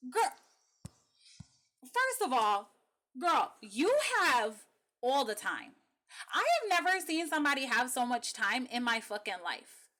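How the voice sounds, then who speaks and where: A young adult woman runs a call-out commentary, reacting to clips with blunt, sarcastic remarks and casual swearing. Her voice sits high. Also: big pitch swings, measured pace, pauses often, pushed and bright.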